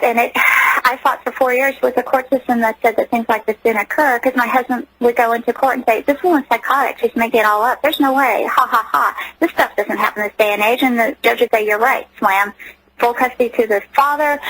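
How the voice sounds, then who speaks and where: A woman's voice: on the high side, fairly bright tone, low-quality recording. A woman giving personal testimony as a radio interview guest, earnest and emotional, often restarting her sentences.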